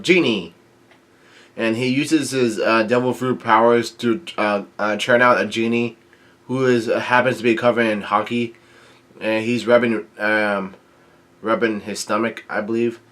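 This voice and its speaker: Man, casual manga recap vlogger, halting delivery full of ums, mid pitch. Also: flat delivery, a bit bright. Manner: halting, with frequent ums and restarts. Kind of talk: casual chapter reading and recap.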